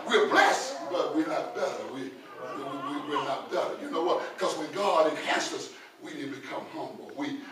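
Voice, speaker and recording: A middle-aged male pastor preaching a sermon, repeating words in stammering restarts and building to shouted peaks. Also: fairly high pitch. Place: church sanctuary with congregation. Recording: very echoey church from far off, congregation audible.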